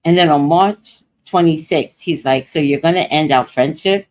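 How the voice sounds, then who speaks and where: Here an older woman, the host of a livestream, talks at a moderate pace in a low-pitched voice. Chatting casually, she relates a personal story with animation, performing what others told her.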